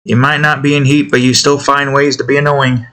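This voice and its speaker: A man's voice: mid-range voice, flat delivery, brisk, fairly bright tone. A man talking casually to himself while drawing digital art, muttering about his work and snapping at his cat. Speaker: artist drawing on stream.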